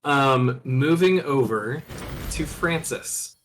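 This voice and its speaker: Game master guy running a horror tabletop game, bright lively voice. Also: medium pitch, a little hiss or hum. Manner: quick, loose and joking.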